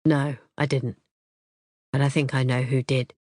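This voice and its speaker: A woman's voice: unhurried, dry recording, studio quality. A woman voicing a coldly furious boyfriend. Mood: grim. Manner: low, clipped, scarily calm anger. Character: furious boyfriend, grown man, cold and harsh. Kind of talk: audiobook character voice.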